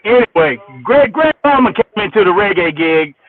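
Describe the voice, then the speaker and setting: A man spins a story from his years as a musician, profane and animated, starting his sentences twice before they land. His voice sits high, and it arrives squeezed and tinny, as if over a telephone radio hookup. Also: normal speed, faint music behind. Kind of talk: casual storytelling. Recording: tinny phone-like radio sound.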